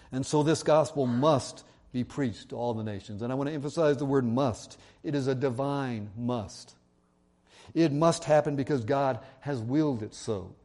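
A man delivering a sermon in a warm, mellow voice at a middle pitch. He preaches earnestly, slows down to read scripture aloud, and now and then drops in a self-deprecating aside. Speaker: pastor.

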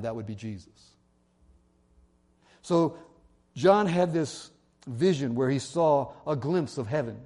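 Mellow-voiced man preaching a sermon. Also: mid-range voice. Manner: earnest preaching, slows down to read scripture aloud; self-deprecating asides. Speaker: pastor.

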